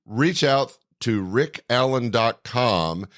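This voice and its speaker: A man's voice: medium pitch, animated, slow pace, fairly bright tone, dry recording, studio quality. A man hosting a podcast, closing an interview with a formal address to listeners. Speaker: podcast host. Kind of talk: podcast outro.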